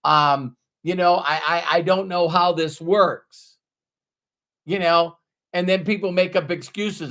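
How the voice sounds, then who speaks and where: A middle-aged man delivers a motivational talk, unhurried and emphatic. His voice sits a little high for a man, and he likes to repeat the lines he wants to land. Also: steady tone, a bit bright. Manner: emphatic, repeats key phrases. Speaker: motivational speaker.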